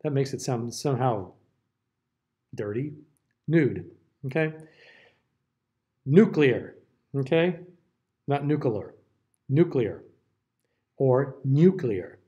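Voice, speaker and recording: A man's voice: medium pitch, slow pace, pauses often, mellow, dull audio. An American man giving a classroom diction lecture, carefully over-enunciating example words. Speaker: diction teacher.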